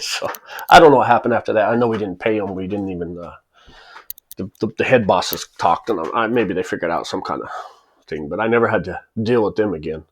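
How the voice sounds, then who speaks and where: Forties man, lower voice, spins a laid-back true story with chuckles and quick impressions. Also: husky. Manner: chuckles as he tells it and acts out the people in the story. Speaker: channel host telling a personal story. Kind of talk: casual spoken anecdote.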